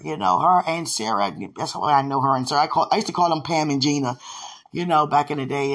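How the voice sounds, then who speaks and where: A speaker leaving a rambling, affectionate voice message, gushing with warmth and thanking God along the way. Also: medium pitch, vocal fry, slightly rough. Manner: effusive, rambling, affectionate, often devout.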